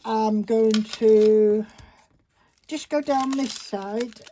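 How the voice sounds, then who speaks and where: A woman talks her way through a paper craft project, chatty and rambling, now and then talking to herself. Her voice sits a little high with a soft, mellow tone. It is recorded on a phone at a craft table, with faint background hiss and the crinkle of paper. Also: drawn-out words. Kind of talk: casual craft tutorial chat. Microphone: phone camera.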